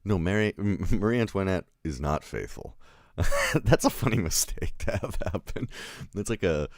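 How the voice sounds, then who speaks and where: A man's voice: low-pitched, wildly swooping pitch, normal speed, no echo, studio quality. A man reviewing a film in a casual livestream, rambling, chuckling and answering live chat as he goes.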